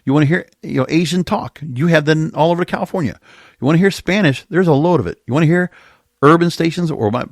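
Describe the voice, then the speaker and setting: A man's voice: fairly high pitch, no echo, studio quality. A man hosting a solo podcast, giving impassioned, opinionated commentary and breaking off into sarcastic asides and rhetorical tag questions. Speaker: podcast host.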